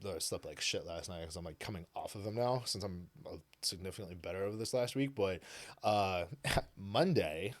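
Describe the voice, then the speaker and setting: A man's voice: low-pitched, normal speed. A man, a podcast guest, telling a story in casual chat, swearing freely and filling his talk with "like" and "you know.". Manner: animated, profane, heavy with "like" and "you know".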